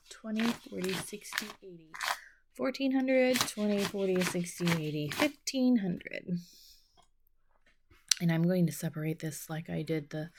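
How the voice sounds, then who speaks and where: A middle-aged woman hosts a budgeting video, chatting casually while counting bills half under her breath between asides. Her voice is fairly low and creaky with a darkish tone, and a little hiss or hum sits in the recording.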